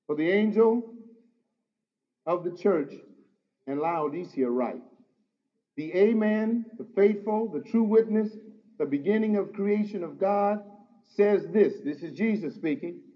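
A man preaching a sermon as pastor, swinging from loud emphatic exclamations to low, intimate asides. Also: lively intonation, measured pace, pauses often. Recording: dull lo-fi sound.

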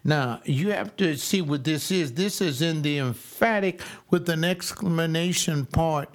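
A male preacher with a somewhat high voice preaches a sermon. His delivery is folksy and emphatic, and he slows down to drive his key phrases home. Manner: folksy, emphatic preaching with slow stressed repeats.

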